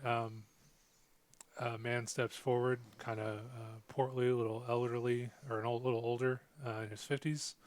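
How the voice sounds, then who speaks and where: A man narrating a tabletop role-playing game as game master, halting with many ums and uhs. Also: mid-range voice.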